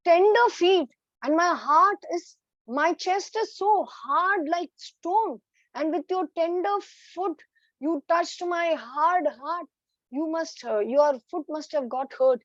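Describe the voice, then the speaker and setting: A woman voicing a gentle male god who speaks tenderly in a told children's story. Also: extremely high pitch, slow pace, no room sound, dull audio, voice pushed up. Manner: tender, solicitous.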